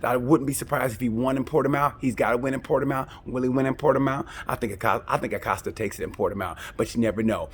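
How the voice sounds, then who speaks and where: A man's voice: medium pitch, fast, few pauses, slight background noise. A man hosting a casual, comedic race review, rambling and joking with frequent restarts. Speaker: motorsport review host.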